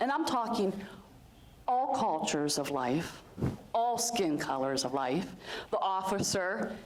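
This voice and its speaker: A middle-aged woman from Western Pennsylvania tells stories in a casual, rambling way, full of asides and fillers. Her voice sits at an ordinary pitch. A faint hiss runs under the recording. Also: poor audio. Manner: chatty and warm-hearted, rambling with many asides and fillers. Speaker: host of a community access style show. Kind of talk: casual storytelling to a group.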